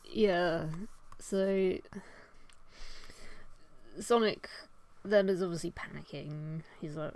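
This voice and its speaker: A woman's voice: on the low side, takes it slowly, long pauses, darkish tone. A young woman chatting casually while she draws, rambling, swearing often and laughing at herself as she retells an old story. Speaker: artist and vlogger. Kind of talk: casual chat while drawing.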